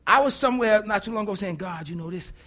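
A man preaching a sermon, emphatic, who swings from hushed to loud and repeats phrases for effect. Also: high-pitched, fast.

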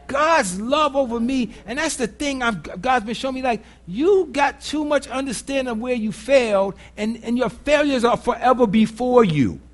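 A man with a notably high-pitched voice preaches a sermon. He speaks bluntly and casually, with earthy phrasing, and keeps checking in with the congregation through rhetorical questions. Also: animated, normal speed, few pauses. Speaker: pastor.

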